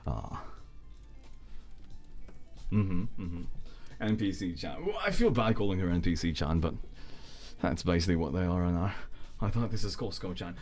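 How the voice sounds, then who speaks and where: A man streams live and talks casually with his chat, joking and throwing in stray foreign words. His voice sits low, moves unhurriedly and swings widely up and down in pitch. Soft music plays faintly behind him. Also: big pitch swings, normal speed, pauses often. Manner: rambling and playful, drops in foreign phrases, jokes with chat.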